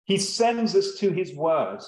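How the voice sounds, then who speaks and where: A man preaching a sermon, reading scripture and then explaining it in a slow, measured way with long pauses and the odd um. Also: high voice, big pitch swings, roomy sound, rough recording.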